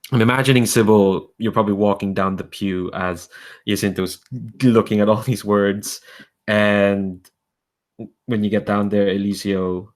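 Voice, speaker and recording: A man's voice: lowish voice, unhurried. A man narrating a tabletop role-playing game as game master, casually thinking aloud. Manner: relaxed, thinking aloud with fillers.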